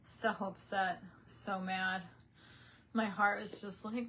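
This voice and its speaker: A woman's voice: medium pitch, fairly even intonation, measured pace, sharp tone. Chatty young woman live streaming. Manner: chatty, reads viewer comments aloud. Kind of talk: casual live stream chat. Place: room in her parents' house. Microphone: webcam.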